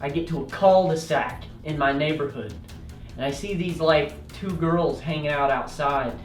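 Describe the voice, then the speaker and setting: A young man hosting a comedic story time, animated and quick to yell out loud bits. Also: on the high side, distant mic. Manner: animated, yelling out quoted lines and rushing through bursts. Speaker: storytelling host. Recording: roomy echo, off-mic, faint music.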